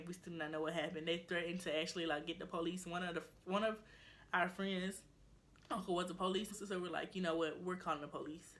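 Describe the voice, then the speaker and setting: Bright-voiced young woman telling a story. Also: on the low side. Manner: animated casual storytelling, quotes friends in voices. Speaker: vlogger. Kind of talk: storytime vlog.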